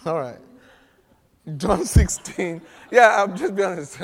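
A man preaching a sermon, animated and humorous, often laughing as he teaches. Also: high voice, takes it slowly, creaky. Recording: long reverb of a large hall.

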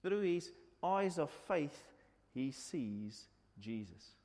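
A man delivers a sermon in a storytelling way, stopping to put questions to his listeners. His voice sits a little high and moves around a lot. The sound carries the long reverb of a large hall. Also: sing-song, drawn-out words, a little mellow. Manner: storytelling, asks questions, repeats points in two languages. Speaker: preacher. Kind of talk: bilingual sermon.

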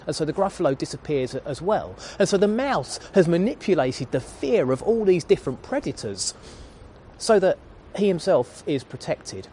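A man's voice: a little high, very animated, normal speed, warm tone. Male preacher, thirties, sermon, earnest storytelling, faint background noise.

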